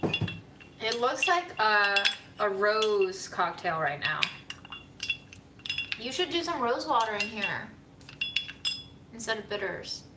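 A woman's voice: medium pitch, sing-song, slow, long pauses, recorded from a distance, very noisy. A woman co-hosting a home cooking vlog, chatting casually in a playful, effusive way and describing tastes and smells. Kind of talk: casual chat. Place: home kitchen. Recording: echoey kitchen, off-mic, clattering dishes.

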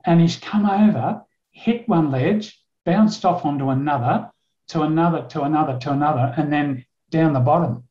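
A man's voice: a little high, moderate pace, mellow. An older man, preaching a sermon through a vivid story and acting out the dialogue. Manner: vivid storytelling, acts out dialogue in his telling. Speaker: guest preacher, retired police officer. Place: church. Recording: echoey, dull church recording.

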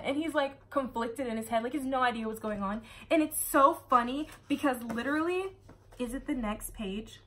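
A woman's voice: high-pitched, normal speed, fairly bright tone. Chatty sarcastic woman book reviewer. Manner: chatty, sarcastic asides, frequent laughter. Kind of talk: casual book review chat.

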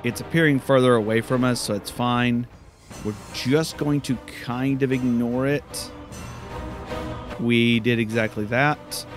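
Brief: easygoing male gamer thinking aloud, mid-pitched, faint music under. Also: fairly even intonation, measured pace. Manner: rambling, self-correcting. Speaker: let's play host. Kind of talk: casual gameplay commentary.

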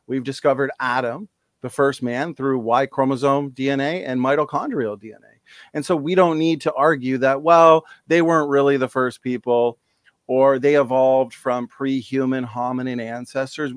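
A man of ordinary pitch co-hosts, speaking earnestly and in a friendly way to his guest. The sound is dry. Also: no echo. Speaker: podcast co-host. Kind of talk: casual chat.

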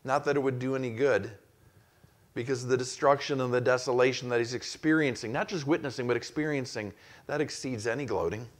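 A man's voice: mid-range voice, fairly even intonation, brisk. A male pastor preaching an expository sermon, acting out the quoted voices with rising intensity. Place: church.

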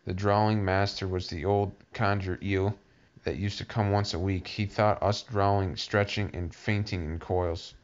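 A man's voice: low voice, little pitch movement, unhurried. A man voicing a gloomy, sighing mock turtle telling of its school days. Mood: mournful. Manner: mournful, sighing. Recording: dull lo-fi recording.

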